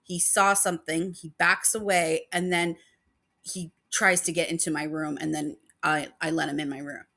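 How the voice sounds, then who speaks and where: Woman, vlog host, casual rambling chat, lots of fillers, bright clear tone, slightly low pitch. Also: level tone, normal speed. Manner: emotional about her dog. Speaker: paranormal channel host.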